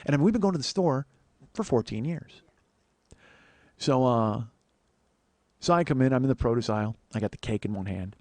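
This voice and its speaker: A man's voice: mid-range voice, animated, moderate pace, pauses often, darkish tone, dry recording. A man hosting his podcast, telling a rambling, profane, self-deprecating story with many restarts, into a close microphone. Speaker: comedian and podcast host. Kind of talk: casual solo storytelling.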